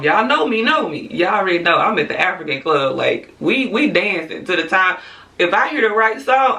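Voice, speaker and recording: A woman vlogger speaks her mind in a casual, unfiltered rant, swearing freely and dropping quick asides to her viewers. Her voice is bright and clear in tone. She sits a little back from the microphone. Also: medium pitch, recorded from a distance. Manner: blunt, profane, candid, with frequent asides and laughs. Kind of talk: casual opinion rant to camera.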